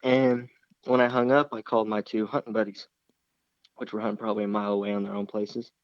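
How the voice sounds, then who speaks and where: A young man, a hunter appearing as an interview guest, casually tells a story, rambling along with many restarts and fillers. His lowish voice has a level tone and a quick pace. The recording is dry with no echo and sounds slightly dull.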